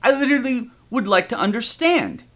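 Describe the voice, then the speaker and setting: A man co-hosting a podcast in casual chat, animated and quick to agree. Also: very high voice. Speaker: podcast co-host.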